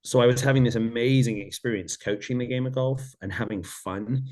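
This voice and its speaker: A man's voice: mid-range voice, fairly even intonation, brisk, a little mellow. A man, a golf coach and podcast guest, telling his personal story with earnest reflection and acting out remembered conversations.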